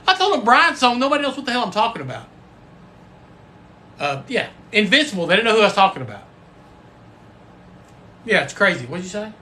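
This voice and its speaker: A man's voice: sits high, big pitch swings, a little fast, pauses often, sharp tone. A man hosting a casual livestream, folksy and rambling, with the odd cuss word. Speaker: livestream host and football coach.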